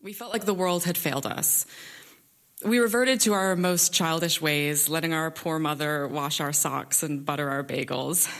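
Young woman storyteller, lower voice, wry and lively delivery for a live story. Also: normal speed. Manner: wry, lively first-person telling.

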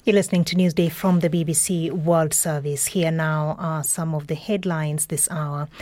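A woman presenter reads the radio news headlines in a lowish voice. Her delivery is measured and formal. The sound is dry and close. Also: fairly even intonation, warm tone, no room sound. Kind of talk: scripted news reading.

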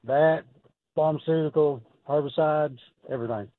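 A man's voice: fairly high pitch, moderate pace, no echo. A man calling in to a radio show after work, giving brief, agreeable replies. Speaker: caller. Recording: tinny phone line.

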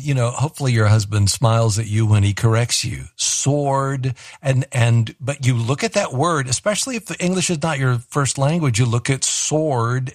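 A man hosting a radio call-in show, friendly and quick with banter, laughing easily with callers. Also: mid-range voice, no echo, clean studio sound. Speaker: radio host.

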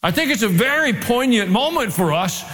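A man's voice: big pitch swings, moderate pace, a bit bright. A male pastor preaching a sermon, with humorous asides and rising emphasis as he goes. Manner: preaching, growing more emphatic and raised in pitch. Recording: long hall reverb.

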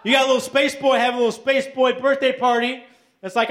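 A man doing a stand-up set with dry, deadpan one-liners. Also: extremely high pitch, quick pace. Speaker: stand-up comedian.

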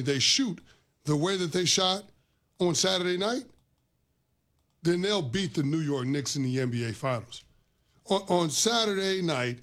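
A male sports radio host making his case in a studio, his voice sitting a little high for a man. He argues with animated energy, stumbling and restarting words as he pushes his point. The delivery is conversational studio debate. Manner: animated argument with stammered restarts.

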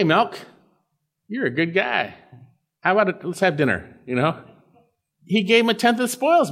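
A man's voice: mid-range voice, fairly bright tone. A man preaching an expository sermon, teaching verse by verse and checking in with his listeners. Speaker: pastor.

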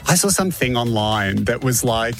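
A man's voice: medium pitch, expressive, normal speed, faint music behind. A man co-hosting a casual chat, riffing with jokes and laughing often. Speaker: podcast co-host.

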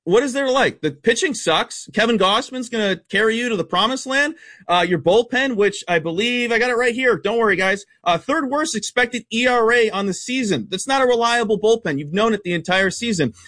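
A man as a sports betting analyst guest on a radio show, rattling off stats in a blunt, animated way. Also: very high voice, no echo. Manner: fast, blunt, stat-heavy, animated. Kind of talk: casual radio sports talk.

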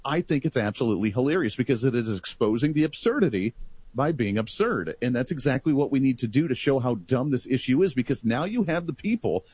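A man talking in a casual political talk show, animated and rambling in long stretches. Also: mid-range voice, quick pace, slightly rough, no room sound.

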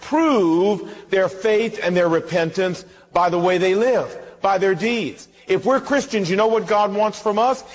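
Animated, husky-voiced man preaching in a hall. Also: high-pitched. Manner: animated storytelling, acts out dialogue. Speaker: pastor. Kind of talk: sermon. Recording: reverberant hall.

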